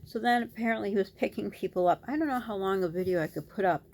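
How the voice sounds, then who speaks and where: A woman's voice: medium pitch, fast talker, slight background noise. A middle-aged woman and mother vlogging, telling a story in a casual, scattered way and talking with her hands. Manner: scattered, talks with her hands, animated retelling. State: dry lips.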